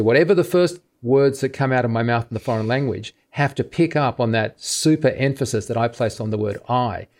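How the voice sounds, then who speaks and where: A man's voice: mid-range voice, darkish tone. A man being interviewed as an expert, explaining carefully step by step with casual fillers. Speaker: guest expert on film dubbing.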